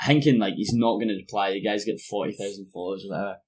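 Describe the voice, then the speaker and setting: A man's voice: fairly low pitch, fairly even intonation, very fast, a little mellow. A Scottish man chatting casually as a podcast guest, telling stories in a loose, sweary way full of "like" and "mate". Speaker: guest musician. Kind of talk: casual chat over beers.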